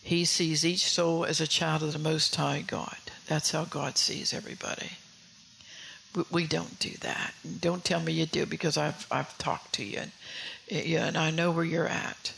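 A woman preaching a sermon with a gravelly, tense voice. She speaks earnestly, circles back over her phrases and keeps questioning her listeners. Faint room ambience hums behind her. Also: low-pitched, little pitch movement, normal speed, fairly bright tone, slight background noise, poor audio.

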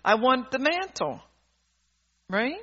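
A high-pitched, bright-toned man preaching with fervor, drifting between quiet asides and loud exhortations. The recording is dull and lo-fi. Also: big pitch swings, slow pace. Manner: fervent, swings from soft asides to loud exhortation; rambling, with restarts and laughter. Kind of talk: sermon.

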